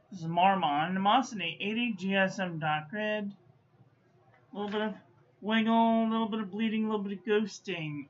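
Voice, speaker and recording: A woman's voice: medium pitch, moderate pace. A woman giving a casual stationery review, muttering to herself and playfully scolding as she goes. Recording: dull lo-fi audio with faint background noise.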